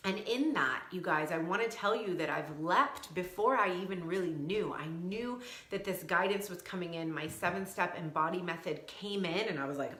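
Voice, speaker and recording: A woman's voice: on the low side, moderate pace, hardly any pauses, a bit bright, reverberant. A woman in her thirties, a coach for sensitive women, giving an effusive livestream talk straight to her viewers.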